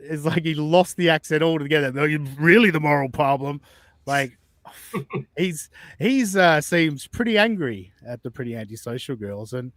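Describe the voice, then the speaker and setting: Male host, slightly high voice, dry close sound, chatty, swearing. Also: a bit bright, no echo. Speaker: podcast host. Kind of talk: casual reaction commentary.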